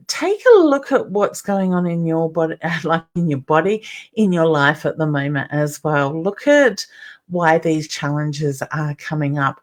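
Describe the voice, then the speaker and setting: A middle-aged woman with an Australian accent and a somewhat low voice chats through a live stream. She greets viewers by name and calls them honey as she reads out their comments, in an easy, running talk that stays personal throughout. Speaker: psychic medium hosting a live stream.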